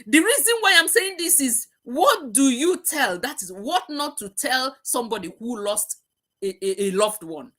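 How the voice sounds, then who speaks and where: Passionate woman with a lively bright voice. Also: high voice, normal speed. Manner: passionate, repetitive, preaching. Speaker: host. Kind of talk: emotional live-stream talk.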